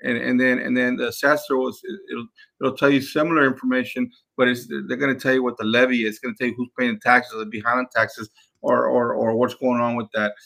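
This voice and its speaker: A man's voice: mid-range voice, flat delivery, brisk, creaky, a bit bright. A man, hosting a podcast and giving an instructional talk, emphatic and repeating himself as he addresses the listeners as guys. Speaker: podcast host and sales trainer.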